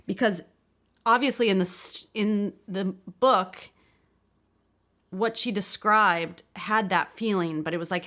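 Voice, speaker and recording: American woman, filmmaker lecture, candid, self-deprecating, lowish voice. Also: a bit bright. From United States. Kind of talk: lecture, reading from her screenplay.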